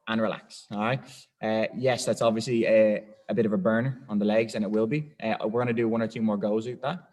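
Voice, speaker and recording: A man leads a weightlifting class at a middle pitch, talking people through each position. He encourages the group and counts down the holds. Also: roomy sound. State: out of breath. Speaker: weightlifting coach. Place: gym.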